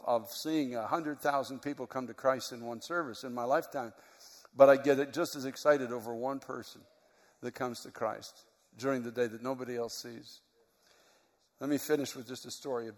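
Male pastor, middle-aged, earnest sermon storyteller, medium pitch, long reverb of a large hall.

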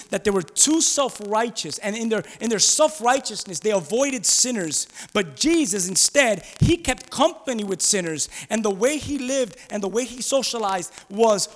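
A man preaching a conversational sermon, animated, with rhetorical questions and acted-out quoted voices. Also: high voice. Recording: long reverb of a large hall.

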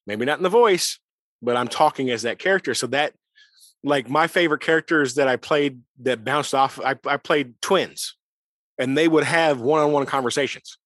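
A man with a middle-pitched voice talks casually and dryly, close to the mic. He jokes and banters with his friends about playing characters at the table. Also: moderate pace, a bit bright, no echo. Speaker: player. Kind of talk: casual podcast chat.

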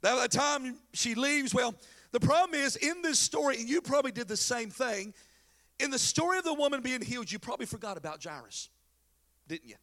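A pastor delivers a sermon in an animated, storytelling way, slipping into casual slang voices for the people in the story. His voice sits very high for a man and has a gravelly edge. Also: brisk.

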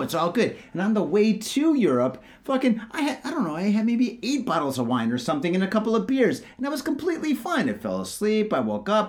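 A man co-hosting a boozy podcast who tells stories with lots of swearing. His voice sits a bit high, and his pitch swings widely as he talks. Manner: animated, profane storytelling. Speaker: podcast co-host. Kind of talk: casual boozy podcast chat.

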